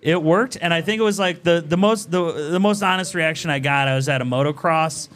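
A man with a fairly high voice tells crude anecdotes with animated energy. He breaks into laughter mid-sentence as he goes. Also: brisk. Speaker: podcast guest. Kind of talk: casual crude storytelling.

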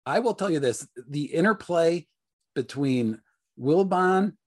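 A man with a Mid-Atlantic American accent co-hosting a sports media podcast, measured and firm when he pushes back. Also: on the high side, expressive, slightly rough. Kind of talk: casual podcast chat.

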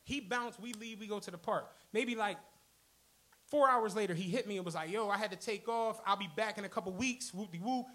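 On a comedy club stage at a live podcast show, a male co-host tells a profane story to the audience, acting out the people in it. His voice is high and fairly quick, and his manner is animated.

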